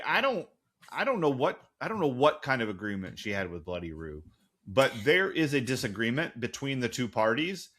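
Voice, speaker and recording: A man co-hosting a casual recap podcast, talking at a middle pitch. His chat is sarcastic, profane and animated. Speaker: podcast co-host.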